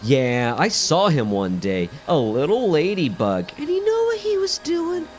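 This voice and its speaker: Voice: mid-range voice, wildly swooping pitch, a little slow, darkish tone, slight background noise. A comedian playing a goofy, tough-talking garden bug who tells a rambling story, with faint music behind. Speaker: comedy podcast improviser. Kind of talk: improvised comic monologue.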